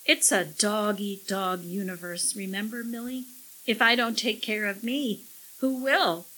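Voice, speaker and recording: A woman's voice: mid-range voice, measured pace, sharp tone, slightly rough, low-quality recording. A woman voicing a sly, scheming male parrot who snickers and squawks smugly.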